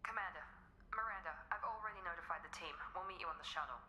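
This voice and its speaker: An actress voicing a brisk, businesslike female officer in a video game. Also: lowish voice, bright, forceful tone, slight background noise.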